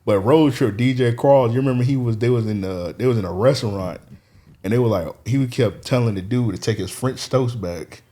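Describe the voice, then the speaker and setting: A man's voice: medium pitch, brisk, dark tone. A man on a casual podcast, telling a long story, swearing freely and laughing as he goes. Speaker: podcast co-host. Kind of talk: casual chat.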